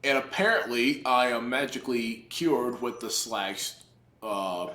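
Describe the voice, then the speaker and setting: A man's voice: mid-range voice, unhurried, pushed and bright. A man playing a horror game and talking through it, cursing, yelping and muttering to himself as he runs from danger. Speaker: let's play gamer. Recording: roomy echo with game music.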